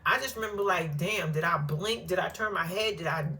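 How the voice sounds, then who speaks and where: A woman's voice: on the low side, fairly quick, bright, forceful tone, a little hiss or hum. A woman hosting a casual reality TV recap, talking bluntly and animatedly, with plenty of cursing and laughter. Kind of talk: casual reaction commentary.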